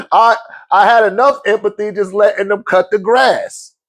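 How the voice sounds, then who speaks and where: Here the host's voice sits high and his pace is slow. Leading a casual Q&A, the man tells a story in a blunt way, swearing heavily and laughing a lot. He comes across as blunt, profane, quick to laugh, and prone to lively swings.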